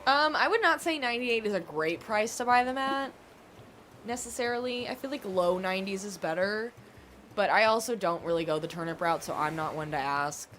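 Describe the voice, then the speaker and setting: A woman's voice: medium pitch, expressive, normal speed, fairly bright tone, a little hiss or hum. A woman from the United States chatting casually while she livestreams a video game. She rambles, pokes fun at herself, and fills her sentences with "um" and "like". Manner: chatty, rambling, self-deprecating, many fillers. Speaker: gaming livestreamer. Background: game music.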